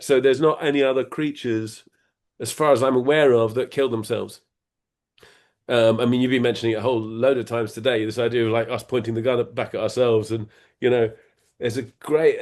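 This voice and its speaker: Playful and meandering, this interview guest keeps restarting his sentences and filling gaps as he talks through ideas in a casual exchange. He's middle-aged, with a mid-range voice and a darkish tone.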